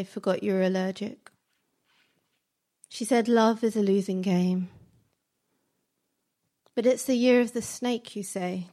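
Slow, flat-voiced woman reciting poetry. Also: mid-range voice. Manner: slow, measured, fragmented phrasing. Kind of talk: spoken word poetry recitation.

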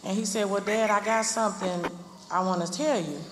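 A woman speaks slowly and heartfelt, recalling her son and acting out their talks. Her voice rings out in a roomy hall with a long echo. Heavy noise sits under the recording. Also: mid-range voice, fairly even intonation. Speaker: mother recounting memories. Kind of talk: personal testimony.

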